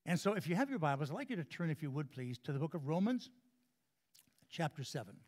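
A guest preacher, a man with a somewhat high voice, speaks to a church congregation. He tells stories in a folksy, chatty way, restarting and repeating words as he goes. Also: sing-song, fast. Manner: folksy storyteller, repeats and restarts words, chuckles at own jokes. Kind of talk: sermon with a humorous story.

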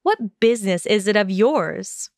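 A woman voicing a sharp-tongued, indignant teenage witch, clipped and defiant, in a fan audiobook. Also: medium pitch, lively intonation, unhurried, dry recording, studio quality.

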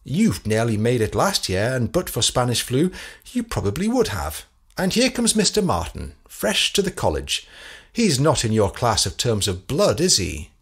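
A man with an English accent voicing a measured, relentless middle-aged detective in a storybook reading. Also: mid-range voice, wildly swooping pitch, a bit bright, slightly rough, full character voice. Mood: probing. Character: cool, probing male detective, middle-aged.

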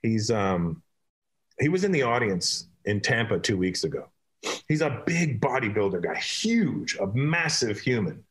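A comedian from Canada, a man, chatting casually as a guest and telling animated stories with frequent laughs. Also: fairly low pitch, unhurried. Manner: animated storytelling, laughing often. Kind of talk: casual chat.

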